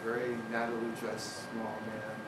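A man's voice: lowish voice, monotone, moderate pace, very noisy. An older man giving a university talk, telling a personal story and acting out other people's lines. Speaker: lecturer. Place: university lecture hall. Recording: echoey lecture hall recording, mic far off, loud ambience.

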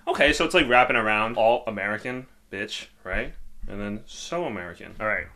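A young man casually reacting to songs, excitable and slangy, talking from a bathroom. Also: lowish voice, brisk, loud music behind the voice. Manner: excitable, slangy, breaks into laughs and sing-along. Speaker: music reaction video host.

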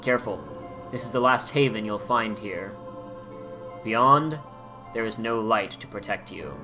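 A man voicing a mysterious male voice that speaks solemnly and slowly to a hero. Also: on the low side, music in the background, pitched below the performer's own voice, natural voice.

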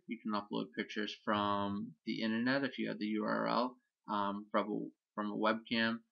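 Man, teacher, low gravelly voice, lo-fi computer mic; relaxed screen-recorded how-to. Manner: relaxed, explanatory, frequent ums. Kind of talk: screen-recorded software tutorial.

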